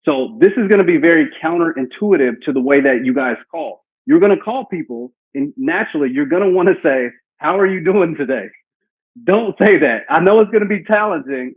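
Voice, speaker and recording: A man's voice: on the high side, expressive, a little fast, hardly any pauses, slightly rough. A man running a live sales training session, coaching a team on cold-call lines and acting out example phone talk. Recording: tinny phone-like call audio.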